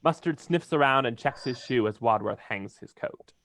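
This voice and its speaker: A man's voice: mid-range voice, lively intonation, normal speed, fairly bright tone. A man reading stage directions aloud in a plain, straightforward way, sometimes stumbling over a word. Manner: plain, occasionally stumbling and laughing.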